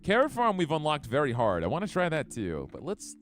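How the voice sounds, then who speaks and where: Lively upbeat gaming streamer man. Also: fairly high pitch, fairly quick. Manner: chatty, upbeat, reads chat. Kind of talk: live game commentary. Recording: faint background music.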